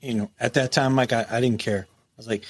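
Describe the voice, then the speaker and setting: A middle-aged former prison captain speaks a little fast in a mid-range voice as he tells war stories in a casual interview. He swears freely, stays animated, and acts out the dialogue he quotes.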